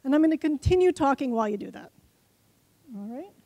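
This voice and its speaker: Woman speaker, high bright-pitched voice, chatty, talking straight to the crowd, dry close sound. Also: expressive, fairly quick, no room sound. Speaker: conference speaker. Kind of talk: short timed conference talk leading an audience exercise. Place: conference stage before a live audience.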